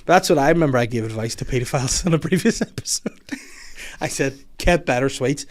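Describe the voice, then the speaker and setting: Man, podcast host, crude comedy chat, very animated pitch, laughs often. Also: fairly quick. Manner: storytelling with acted-out quotes, laughing often, swearing.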